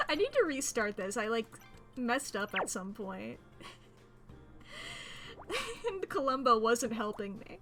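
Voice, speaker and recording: Bright, playful woman streamer. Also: on the high side, very animated, takes it slowly, long pauses, faint music behind. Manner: playful, rambling, laughs often. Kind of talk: casual gameplay commentary.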